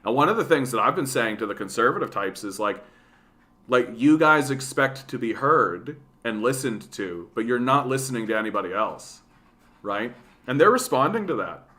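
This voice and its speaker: A man's voice: mid-range voice, moderate pace. A man in his late thirties from Canada with a Canadian accent, ranting casually about politics on his livestream, profane and full of fillers. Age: 30s. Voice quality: profane, animated, lots of fillers.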